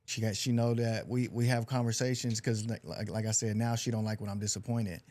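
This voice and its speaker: A man on a casual podcast, telling animated stories about raising his daughter. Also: lowish voice, a little fast. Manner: animated storyteller, quotes his daughter's talk. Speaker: podcast co-host. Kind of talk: casual chat.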